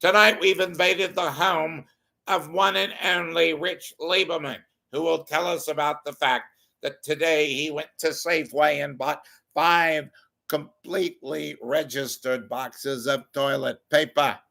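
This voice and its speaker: A man doing an over-the-top impression of a flamboyant older celebrity TV host, announcing grandly in a high, loud voice. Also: fairly even intonation, unhurried, vocal fry, full character voice. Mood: grandiose.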